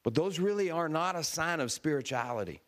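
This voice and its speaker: Here a man preaching speaks a little high and fairly fast, narrating a sermon story. Laughing, he brings its characters to life by performing their quotes in a lively way.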